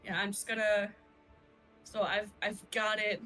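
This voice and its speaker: A woman playing a tabletop role-playing game, talking eagerly and excitably about her character. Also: medium pitch, unhurried, soft background music. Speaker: player. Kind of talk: tabletop role-play chat.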